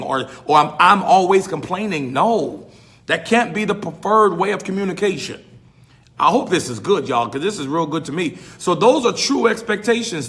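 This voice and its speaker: Man, pastor, high-pitched, emphatic, repetitive, preachy podcast talk. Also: a bit bright. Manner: emphatic, repetitive, folksy with slang.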